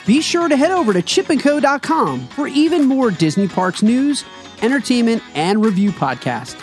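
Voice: mid-range voice, big pitch swings, normal speed. An announcer gives a scripted network promo with a bouncy, rising and falling delivery. Light background music runs under the voice.

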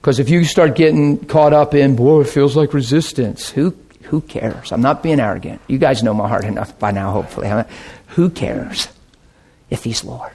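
A man preaching and telling a story to a congregation, animated and quick to laugh, with bursts of sound effects. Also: mid-range voice, vocal fry, breathy edge. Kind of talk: sermon storytelling.

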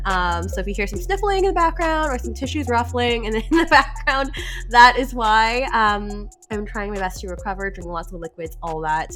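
A woman's voice: medium pitch, fairly bright tone. A woman hosting a podcast, chatty and upbeat with many fillers, congested from a cold. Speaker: podcast host. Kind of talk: casual podcast intro.

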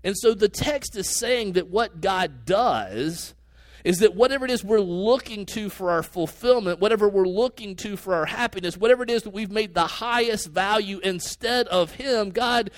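A man preaching a sermon as a pastor, earnest and conversational, with sudden rises in pitch and pace. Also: dry recording.

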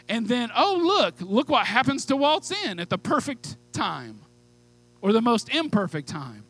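A man preaching a sermon with fervent, pleading delivery, moving from hushed asides to loud calls. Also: very high-pitched, very animated, moderate pace, faint music behind, poor audio. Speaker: pastor.

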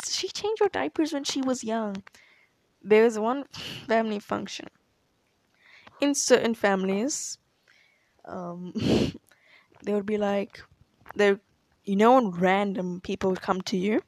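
A woman's voice: fairly high pitch, a little mellow, no echo. A young woman telling a rambling personal story in a casual chat, laughing often and saying "like" a lot. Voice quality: chatty, laughs often, fills with "like". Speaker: tennis player answering questions.

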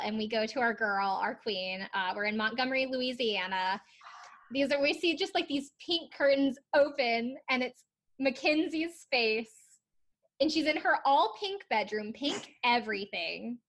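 A woman's voice: a little high, animated, a little slow, fairly bright tone. A woman chatting casually on a podcast, recapping a TV episode with lots of laughs and fillers. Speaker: podcast co-host. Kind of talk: casual chat recapping a TV show.

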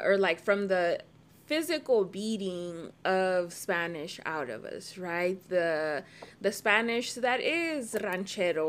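A woman in casual conversation on a podcast, talking animatedly and often ending her points with "right?" and filling with "like". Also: mid-range voice. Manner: frequent "like" fillers.

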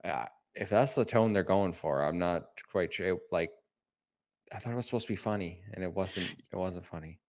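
A man's voice: deep voice, normal speed, darkish tone. A man guest on a gaming podcast, chatting casually and going through news items. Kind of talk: casual chat.

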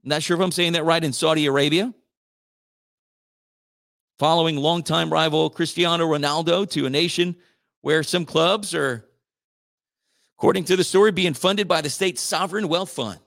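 A man's voice: a little high, normal speed, creaky, long pauses, fairly bright tone. A male radio host rambling through sports news in a slangy, casual chat. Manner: rambling, slangy, says dude a lot.

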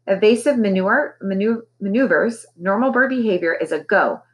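A woman's voice: mid-range voice, moderate pace, lightly acted. A woman voicing a bossy, grumpy female parrot messenger who squawks and complains indignantly in a storybook reading. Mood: alarmed.

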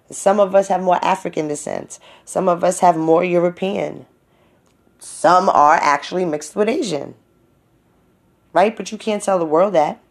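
Slow-talking, low-voiced woman telling stories. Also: vocal fry, darkish tone. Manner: laughs often, swears freely, acts out quotes. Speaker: vlogger. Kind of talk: casual storytelling monologue.

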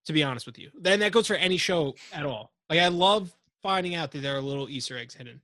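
A man's voice: on the high side, lively intonation, quick pace, sharp tone, no room sound, clean studio sound. A man hosting a podcast, chatting casually in a joking, rambling way and swearing freely. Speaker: podcast host. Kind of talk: casual chat.

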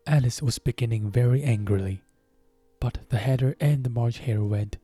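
A man reads a storybook aloud in a calm, measured way. His voice is deep-toned and husky, the pace is very slow, and faint music plays beneath the dry, close sound. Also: no room sound. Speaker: narrator. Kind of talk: storybook reading.

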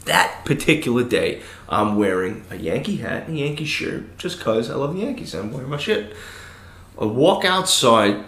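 A man in his thirties co-hosting a podcast, telling stories in a loose, animated way and swearing freely. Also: mid-range voice, normal speed. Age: 30s. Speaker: podcast co-host. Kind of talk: casual chat, storytelling. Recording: echoey room.

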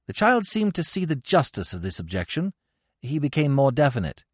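Male narrator, expressive comic reading, animated, dry. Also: a little high, normal speed, breathy edge, no echo. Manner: lively, expressive storytelling. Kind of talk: audiobook reading of comic fiction. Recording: dry close studio sound.

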